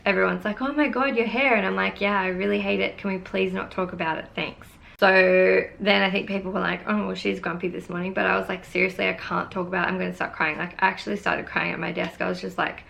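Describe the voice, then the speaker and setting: A woman's voice: medium pitch, vocal fry, sharp tone. A young woman vlogger telling a casual, exasperated storytime full of "like". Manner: chatty, exasperated, heavy use of "like". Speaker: beauty vlogger.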